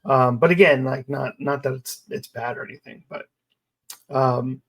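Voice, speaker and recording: A man co-hosting a podcast, talking loosely about a film with many fillers and quick asides. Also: medium pitch. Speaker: podcast co-host. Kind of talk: casual film discussion.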